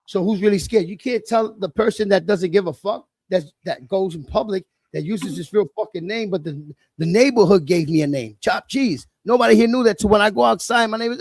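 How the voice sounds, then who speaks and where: Host type: middle-aged New man, high gravelly voice, blunt and profane, dry close sound. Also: a little fast, few pauses, no echo. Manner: blunt, profane, animated storytelling. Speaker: livestream host. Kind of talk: casual chat.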